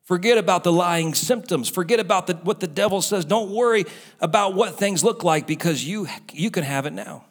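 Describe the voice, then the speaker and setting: A pastor preaching a sermon and acting out the voices of doubters and the devil. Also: male voice, sits high, moderate pace.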